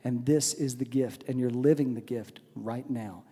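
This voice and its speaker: A man voicing a kindly rabbi who speaks slowly and reassuringly. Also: mid-range voice, steady tone, mellow, husky, in a large hall, pitched below the performer's own voice. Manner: slow, reassuring, earnest. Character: calm, kindly male rabbi giving gentle counsel.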